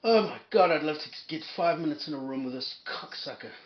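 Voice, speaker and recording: A man's voice: on the high side, expressive, a little fast, lo-fi sound, crowd noise. A man hosting an angry reaction commentary, ranting and swearing, often stammering over his words. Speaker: commentary host.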